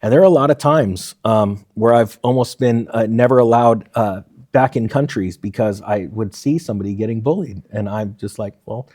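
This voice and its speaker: A man in his forties with a lowish voice speaks at normal speed in a casual interview. A former firefighter, he tells stories animatedly and acts out the quoted dialogue.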